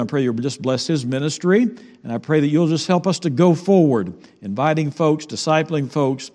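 In a church sanctuary, a male pastor with a fairly high, slightly mellow voice preaches a Sunday sermon with a long, ringing reverb. His delivery is conversational and unhurried, with fillers and repeated words.

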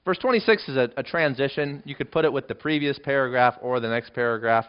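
A man's voice: mid-range voice, fast, smooth. A male pastor preaching an expository Bible sermon in an emphatic way, with dramatic swells in his delivery. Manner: emphatic, rising into dramatic readings of quoted lines. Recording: dull lo-fi recording.

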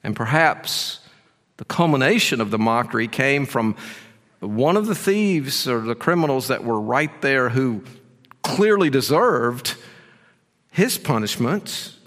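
A man's voice: medium pitch, lively intonation, unhurried. Earnest preacher man in a reverberant hall. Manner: earnest, emphatic preaching with sudden shifts between loud and hushed. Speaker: pastor. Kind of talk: sermon. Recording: long reverb of a large hall.

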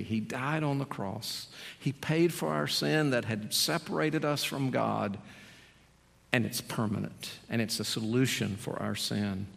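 A male pastor preaching with a gravelly, slightly creaky voice. He speaks earnestly and presses his points in emphatic, repeated appeals. His voice rings with a long reverb, as if it was recorded in a large hall. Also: medium pitch. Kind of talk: sermon.

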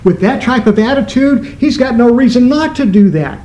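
A male pastor delivering a sermon in a high voice, leaning on words with sudden emphatic rises and drops in pitch. The sound carries a roomy echo, as from a church hall. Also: lively intonation, moderate pace, mellow. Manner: preaching with emphatic shifts in pitch.

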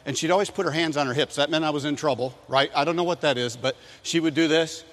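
Bright-voiced animated male preacher. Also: a little high, fast talker, big-room sound. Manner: animated, shifts into loud voices for quoted people. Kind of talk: sermon with acted-out stories.

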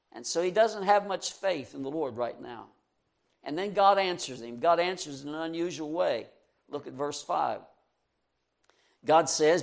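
A man with a notably high voice delivers a sermon. He talks earnestly, puts questions straight to his listeners, and moves between loud, pressing emphasis and soft, low asides. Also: lively intonation, a little slow, gravelly. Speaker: preacher.

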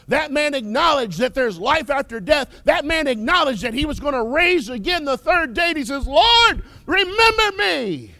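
A male preacher delivers an impassioned sermon at a measured, unhurried cadence, his high voice swooping widely from loud declarations down to near whispers. The sound is dry and close, with no room sound.

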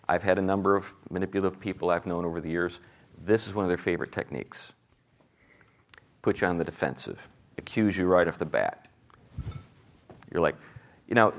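A man teaching a Sunday school class, animated, asking his listeners rhetorical questions and chuckling at his own jokes. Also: low-pitched.

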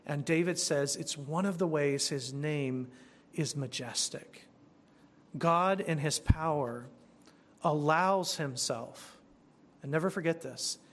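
A man preaching a sermon earnestly, slowing down to stress key words and rushing through asides. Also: fairly high pitch, fairly bright tone. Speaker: pastor.

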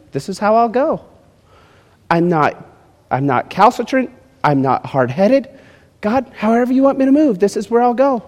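A pastor delivers a sermon with an animated, conversational manner, slipping into little acted-out scenes and asking his listeners to join in. His voice sits a bit high for a man. It rings through a large reverberant hall. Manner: animated, acts out quotes, addresses congregation directly.

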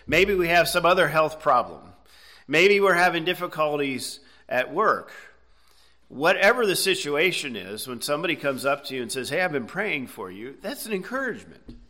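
Middle-aged pastor guy, bright voice, chatty sermon, keeps asking okay? right?. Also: medium pitch. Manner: conversational, explanatory preaching with frequent "okay?" and "right?".

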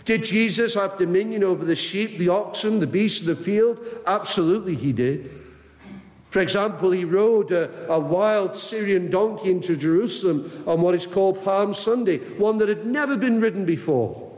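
A man delivers an earnest sermon in a fairly high voice, leaning hard on key words and acting out quoted lines. His voice rings with the long reverb of a large hall. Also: darkish tone. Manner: earnest, emphatic, acts out Bible quotes. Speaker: preacher.

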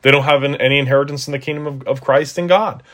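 A man's voice: medium pitch, steady tone, fast, fairly bright tone. A man preaching an expository sermon, earnest and conversational, with emphatic rises on key points.

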